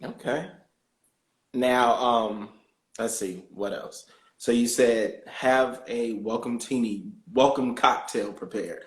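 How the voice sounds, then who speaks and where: Male host, middle pitch, easy curious questioning, echoey room. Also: takes it slowly. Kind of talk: casual interview chat. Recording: roomy echo.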